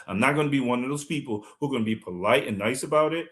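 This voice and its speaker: A man's voice: medium pitch, racing. A man from Liberia giving fiery, combative political commentary on a live stream, speaking emphatically.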